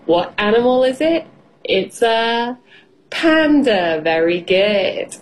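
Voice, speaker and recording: A woman reads a picture-book story to young learners, stopping to ask them questions and praise their answers. Her voice is slightly high and very melodic, and she paces it slowly and carefully. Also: expressive, slight background noise. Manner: encouraging, asks listeners questions. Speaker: English teacher and radio host. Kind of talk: children's storybook reading with questions.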